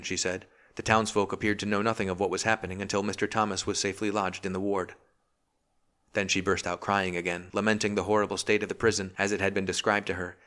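Deep-voiced male audiobook narrator. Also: fairly bright tone. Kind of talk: scripted narration.

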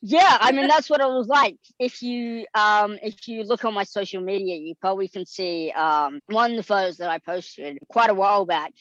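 A man's voice: sits high, moderate pace, few pauses, no echo, dull audio. A man telling stories as a guest in a casual interview. He is chatty and fills his talk with "like" and "um". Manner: chatty, frequent "like" and "um" fillers, lively retelling. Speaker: guest actor.

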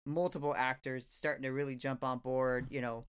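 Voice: mid-range voice, level tone, brisk, clean tone. A podcast co-host giving a loose, rambling recap in a casual chat.

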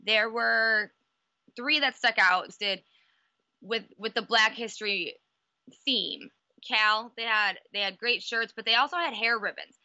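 A woman's voice: fairly high pitch, unhurried, bright, forceful tone, no room sound, highs cut off. A woman co-hosting a podcast, chatting casually and enthusiastically about college gymnastics. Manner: enthusiastic, gushing. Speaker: podcast co-host.

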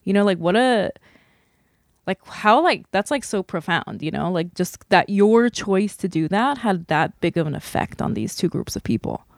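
A woman's voice: mid-range voice, lively intonation, normal speed, dry recording, clean studio sound. A woman hosting a podcast, talking earnestly and gushing, with a lot of "like" between words. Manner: earnest, gushing, heavy use of like. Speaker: podcast host. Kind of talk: casual podcast chat.

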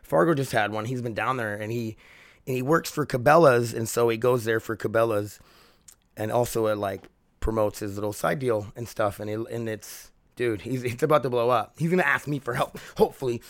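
A man's voice: mid-range voice, fairly quick, no echo, studio quality. A man hosting a casual solo podcast from home, rambling, swearing freely and laughing often. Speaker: podcast host.

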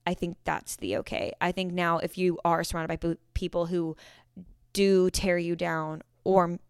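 A woman's voice: lowish voice, level tone, normal speed, smooth, dry recording. Young woman, solo podcast host, casual rambling chat, self-correcting, dry close recording. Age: 20s.

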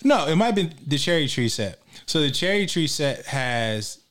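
A man's voice: on the high side, sing-song, moderate pace, a bit bright. A man hosting a casual podcast, rambling with fillers and laughter. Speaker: podcast host. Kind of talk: casual chat.

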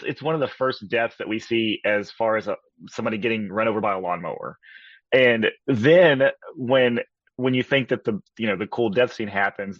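A man co-hosting a relaxed horror-movie podcast, rambling through plot recaps full of "like" and restarts. His mid-range voice comes through dull and slightly lo-fi. The sound is dry and close. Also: medium pitch, dry recording. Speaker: podcast co-host. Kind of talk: casual film-review chat.

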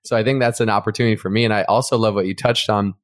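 A man's voice: lowish voice, steady tone, rapid-fire, no room sound, studio quality. A man co-hosting a podcast, speaking in a reflective, earnest way in a casual interview. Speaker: podcast co-host.

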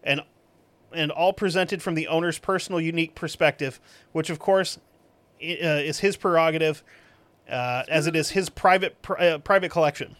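A man hosting a podcast, reading reviews aloud with sarcastic, profane, deadpan asides. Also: on the high side, moderate pace, no room sound. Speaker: podcast host.

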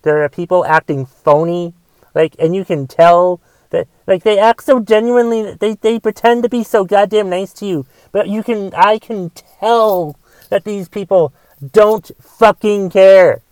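A man with a fairly high, smooth, resonant voice hosts his podcast alone, ranting in a loose, profane stream. He repeats words and restarts his sentences often. The sound is dry and close, with no room around it. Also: measured pace, darkish tone, no room sound, low-quality recording. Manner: profane, repetitive, frequent restarts. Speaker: podcast host. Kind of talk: casual monologue rant.

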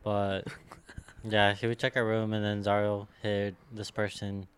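A man's voice: fairly low pitch, flat delivery, measured pace, clean tone. A young man chatting casually with friends, telling rambling, slangy stories. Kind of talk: casual chat among friends.

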